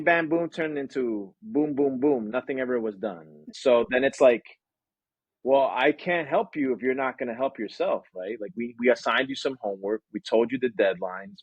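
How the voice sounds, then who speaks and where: A man answering interview questions about his business, energetic and lively, acting out quotes and sound effects. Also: medium pitch, normal speed, breathy edge, no room sound, dull audio. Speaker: branding agency owner.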